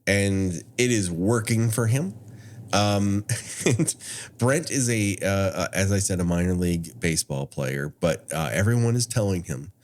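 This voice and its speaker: A man's voice: sits low, a little slow. A man co-hosting a podcast, recapping a horror film in casual chat with wry asides and frequent laughs. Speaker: podcast co-host.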